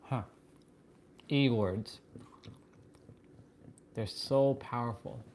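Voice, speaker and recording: A man hosting a livestream, musing aloud in halting, wondering phrases with bursts of excited swearing. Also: mid-range voice, background noise. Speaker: fitness and wisdom livestream host. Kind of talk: live stream musing.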